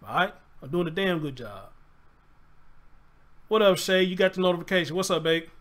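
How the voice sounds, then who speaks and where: A man's voice: high voice, moderate pace, fairly bright tone. A man hosting a live show, pleading and swearing as he fights back tears and repeats himself. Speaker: show host. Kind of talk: casual live-stream commentary.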